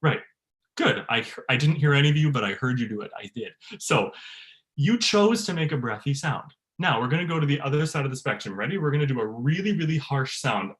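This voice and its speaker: A man, a bass-baritone voice teacher, leading an online workshop for choir singers, laughing often and demonstrating sounds. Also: animated, a little fast, fairly bright tone. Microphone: video call.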